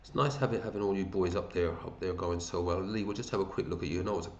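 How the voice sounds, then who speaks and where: Man, deep voice, casual matey commentary, echoey room. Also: fast talker, lo-fi sound, slight background noise. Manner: chatty, matey, thinks aloud, hums to himself. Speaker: fantasy football league host. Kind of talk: casual commentary over a screen.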